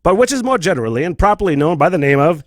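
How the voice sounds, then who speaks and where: Brief: old-timey male storybook narrator, put on by a podcaster, stately and enunciated, lively pitch, dry sound. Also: no echo. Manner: measured, enunciated old-fashioned delivery. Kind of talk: dramatic reading aloud.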